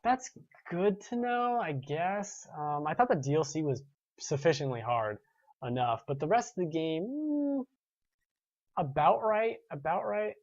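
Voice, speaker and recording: A man's voice: fairly high pitch, big pitch swings, normal speed, dry recording. Young guy hosting a gaming show, rambly, kinda muffled lo-fi audio. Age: 20s. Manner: rambling, restarts, chuckles. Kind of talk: casual chat reading viewer comments.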